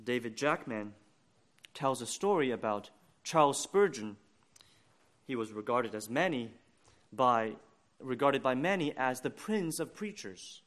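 A man's voice: medium pitch, lively intonation, a bit bright. Earnest male preacher giving a sermon. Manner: earnest, deliberate preaching with rising emphasis.

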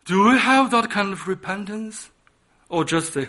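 Slow, impassioned higher-voiced male preacher. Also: animated. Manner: impassioned, swinging between loud emphatic peaks and hushed lines. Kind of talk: sermon.

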